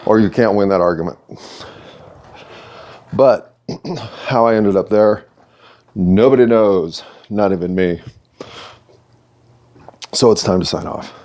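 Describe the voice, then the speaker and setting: Here an American podcast host delivers a reflective solo monologue that rambles, turns philosophical, and pokes fun at himself. His fairly low, darkish voice goes slowly and pauses often.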